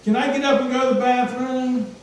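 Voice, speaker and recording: A man's voice: extremely high pitch, fairly even intonation, brisk, slight background noise, voice pushed up. A male preacher voicing a persistent little boy who keeps begging from his bed, pleading over and over. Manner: pleading, repeated requests. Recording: echoey hall from far off.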